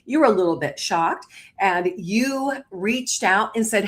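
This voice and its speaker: A woman hosting a political livestream, telling a story quickly and with energy and acting out what people said. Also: mid-range voice. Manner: animated, fast storytelling with quoted exchanges. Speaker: livestream host.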